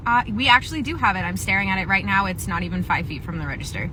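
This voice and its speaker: A young woman telling a retail comedy sketch in a wry, deadpan way while playing a store associate. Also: medium pitch, fast talker, few pauses, slight background noise. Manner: wry, deadpan storytelling, chuckles between lines. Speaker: comedy skit creator. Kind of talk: sketch narration with acted lines.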